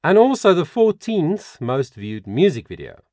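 A man working as a vocal coach, reading out song facts in a reaction video and adding animated comments of his own. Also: a little high, a little slow, no room sound, clean studio sound. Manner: reads song facts aloud with animated asides.

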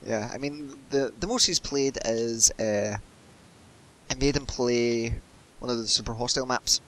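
A man's voice: mid-range voice, unhurried, a bit bright. A man chatting and joking while playing a video game with a friend. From Scotland. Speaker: gamer. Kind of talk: casual let's-play chat.

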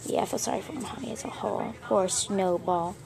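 Girl vlogger, rambling show-and-tell of her plush toys, gushy and chatty, mid pitch, from her bedroom. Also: fairly quick, vocal fry. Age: child. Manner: chatty, gushing, rambling with fillers. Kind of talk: casual show-and-tell vlog.

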